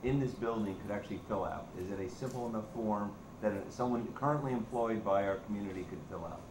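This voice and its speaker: A man's voice: on the low side, fast talker. A man board member at a public town meeting, asking pointed, sarcastic questions. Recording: echoey noisy meeting room recording.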